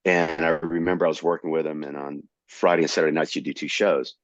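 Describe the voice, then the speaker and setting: Deep-voiced man in his sixties telling stories. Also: fast talker, no room sound. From Tampa, Florida. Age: 60s. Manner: animated storyteller. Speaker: guest comedian. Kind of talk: casual storytelling. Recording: dull, slightly lo-fi dry recording.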